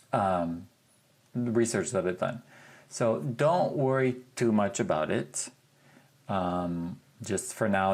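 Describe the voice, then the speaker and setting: A man teaching a language lesson over a screen share, talking in a relaxed, chatty way and thinking aloud with fillers as he goes. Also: on the low side. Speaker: Spanish teacher.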